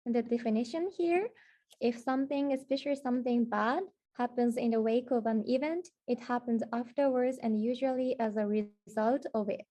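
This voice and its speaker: Female co-presenter, somewhat high and mellow, polite and curious, reads definitions. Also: moderate pace. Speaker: co-host student asking questions. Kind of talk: classroom vocabulary lesson.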